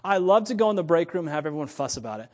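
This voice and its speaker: A man with a high voice preaching a sermon, swinging between loud, emphatic points and low, joking asides. His voice rings through a church sanctuary with a long reverb. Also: sing-song, very fast. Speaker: pastor.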